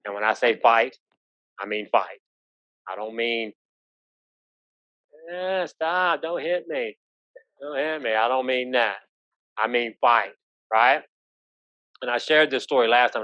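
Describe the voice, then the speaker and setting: A man's voice: medium pitch, fairly bright tone, no room sound. Folksy man giving police training. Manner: folksy, storytelling, asks the room "right?". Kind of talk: live safety training talk. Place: training room. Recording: dull lo-fi sound.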